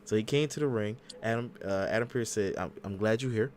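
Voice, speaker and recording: A man hosting a casual podcast, recapping the week with lively, acted-out quotes. His voice sits a little low. Faint room noise hums behind him. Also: a little fast. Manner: animated storyteller acting out quotes. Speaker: podcast host. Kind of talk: casual wrestling recap chat.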